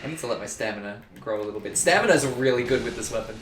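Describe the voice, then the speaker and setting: A young man playing a video game and rambling through goofy tangents, swearing as he goes. His pitch jumps all over the place. The room around him is roomy and echoey, with a faint hum of ambient noise. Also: lively intonation, rapid-fire, a bit bright. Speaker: let's play host. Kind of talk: casual gaming chat.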